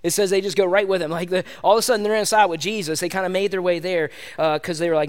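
A man preaching a sermon in a casual, animated way, calling his listeners "gang". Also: high-pitched, quick pace, hardly any pauses, smooth. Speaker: pastor.

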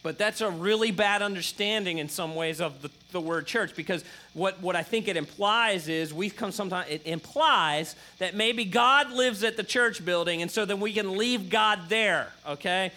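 Middle-aged pastor preaching, keeps saying okay, fairly high voice. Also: male voice, normal speed, hardly any pauses, pushed and bright. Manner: emphatic, repetitive preaching with frequent "okay?" check-ins. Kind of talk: sermon.

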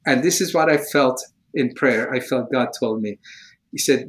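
A man's voice: mid-range voice, normal speed, a bit bright, low-quality recording. A man from Iran, telling his personal testimony in an interview in earnest, emotional, slightly broken English. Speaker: evangelist guest.

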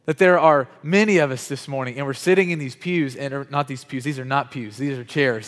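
With a mid-range voice, a little fast and hardly pausing, a pastor preaches in a church hall with chairs where a long reverb tail follows his words. His sermon is conversational and questioning, marked by fillers, frequent "like," and repeated false starts and restarts.

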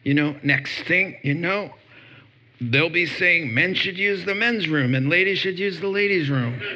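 Sarcastic animated preacher man. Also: fairly high pitch, unhurried, muffled recording. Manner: sarcastic, animated, laughing often. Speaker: pastor. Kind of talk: sermon.

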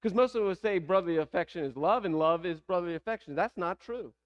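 A man's voice: sits high, fast, muffled recording. A man with a Southern American accent preaching a sermon, asking the congregation rhetorical questions. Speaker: pastor.

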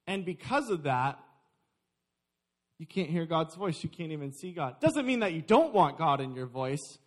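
A young adult man preaching a sermon, lively and joking with his congregation. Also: on the high side, moderate pace. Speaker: pastor.

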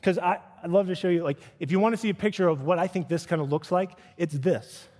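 A middle-aged man preaching, his voice sitting a little high for a man. He acts out quoted voices, jumping up in pitch and then dropping back to a calm, low delivery. His words ring out with the long reverb of a large hall. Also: quick pace. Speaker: pastor. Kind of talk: sermon.

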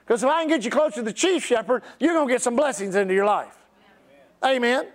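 A middle-aged man preaching a sermon as pastor, stretching key words and calling on the congregation to repeat after him. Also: very high-pitched. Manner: preacherly, drawn-out emphasis, audience call-and-response.

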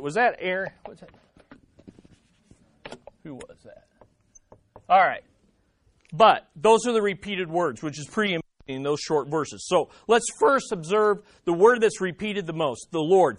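High male pastor, emphatic sermon delivery, questions the congregation, dry close sound. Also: fairly bright tone, no echo.

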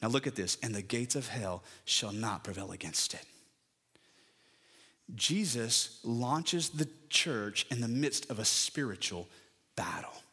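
A middle-aged male pastor delivering a sermon, his voice bright and forceful. He climbs in pitch through emphatic lists, then settles into a plain, conversational storytelling tone. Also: unhurried, slightly rough. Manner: animated preaching, rising emphatic lists, personal storytelling.

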